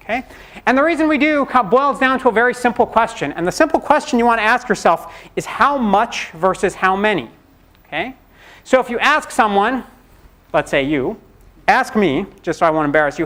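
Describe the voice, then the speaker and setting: A man's voice: high voice, expressive, fairly quick, fairly bright tone. A middle-aged man giving a university programming lecture in a conversational, joking way, acting out students' questions. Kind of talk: classroom lecture. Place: lecture hall.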